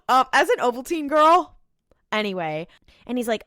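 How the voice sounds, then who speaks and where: A woman's voice: on the high side, very animated, normal speed, a bit bright, no room sound, clean studio sound. A young woman co-hosting a casual rewatch podcast, recapping scenes with playful voiced quotes. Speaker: podcast co-host.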